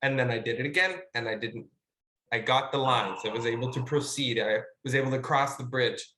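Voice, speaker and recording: A man, a guest actor, chatting casually about his craft in an animated, rambling way with plenty of fillers and the odd swear word, over a video call. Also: medium pitch, a little fast, roomy sound, a little hiss or hum. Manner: animated, rambling storyteller with filler words and profanity. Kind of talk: casual conversational teaching.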